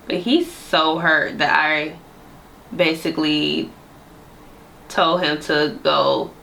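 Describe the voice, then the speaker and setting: Sassy, animated woman telling a story. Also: mid-range voice, a little hiss or hum. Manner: animated, sassy, slangy retelling with frequent laughs. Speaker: vlogger. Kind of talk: casual storytime.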